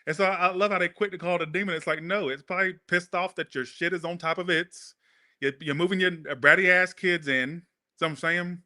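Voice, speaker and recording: Tarot guy rambling and cussing, bright sharp voice, keeps saying sorry to the viewers. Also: high voice, steady tone, fairly quick. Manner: rambling, profane, talks to viewers. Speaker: tarot reader. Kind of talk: casual chatty tarot reading.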